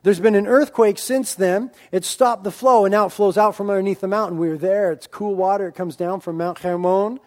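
A man preaching a sermon as pastor, with emphatic, drawn-out lines that swing between loud declarations and quiet asides. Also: sits high, steady tone.

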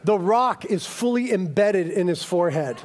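High-voiced, animated male pastor. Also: normal speed. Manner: animated, jokey, conversational preaching. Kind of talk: sermon.

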